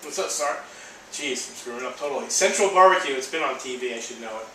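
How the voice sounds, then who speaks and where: A man's voice: mid-range voice, animated, fast, bright, forceful tone, a little hiss or hum. A man, candid and emotional in a rambling personal video diary. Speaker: vlogger. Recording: echoey room, voice from a distance.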